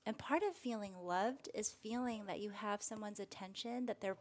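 A woman meditation teacher speaking as a guest in a conversational interview, calm and reflective, growing gently animated when she acts out examples. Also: medium pitch, normal speed.

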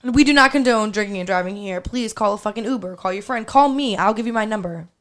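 A young woman co-hosting a podcast, loud, brash and playful as she tells stories. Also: medium pitch, quick pace. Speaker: podcast co-host. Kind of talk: casual storytelling chat.

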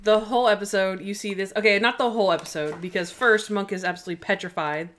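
Woman, podcast co-host, casual chat, animated, middle pitch. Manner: animated, quotes characters in quick bursts.

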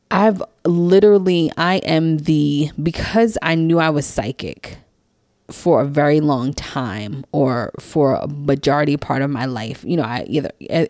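A woman, a life coach and psychic reader, telling a personal story in a chatty way, acting out what people said in lively quoted voices and filling her talk with "like". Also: low voice, dry recording, clean studio sound. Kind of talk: casual storytelling monologue.

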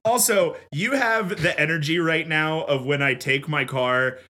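Bright-voiced exasperated male podcast host. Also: a little high. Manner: exasperated, incredulous, quick to laugh. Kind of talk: comedy podcast chat.

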